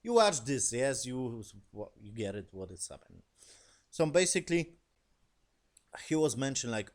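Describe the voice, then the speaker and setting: A man's voice: medium pitch, very animated, moderate pace. Rambling man recapping a show. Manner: rambling, swears casually, frequent "basically" and "yes?". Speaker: TV series reviewer. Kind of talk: casual spoken episode recap.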